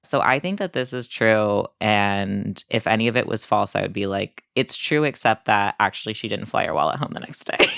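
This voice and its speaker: Lively gravelly-voiced woman host, dry sound. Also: a bass voice, dry recording. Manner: playful, lively reactions. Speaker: podcast host. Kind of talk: casual chat.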